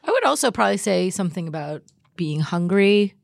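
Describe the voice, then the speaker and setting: A woman co-hosting a casual podcast chat, playful and quick to laugh, swearing casually. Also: mid-range voice, big pitch swings, gravelly, no echo, clean studio sound.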